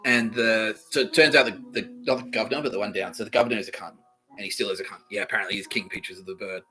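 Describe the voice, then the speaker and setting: A man's voice: fairly low pitch, racing, bright, forceful tone, faint music behind, poor audio. A man from Australia, hosting a podcast, telling a rambling story in a casual, profane way, laughing often and acting out the people he quotes. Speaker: podcast host.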